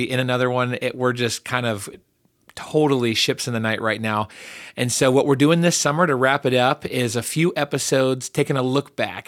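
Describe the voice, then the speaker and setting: Male host, cheerful casual delivery, dry studio sound, average pitch. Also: a bit bright, no room sound. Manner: upbeat, laughs easily, many fillers. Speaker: podcast host. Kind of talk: casual podcast chat.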